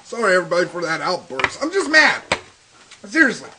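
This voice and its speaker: A young man hosting a let's play, ranting and swearing in excitable, casual gaming commentary over faint game music. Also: high voice, fast, noisy background.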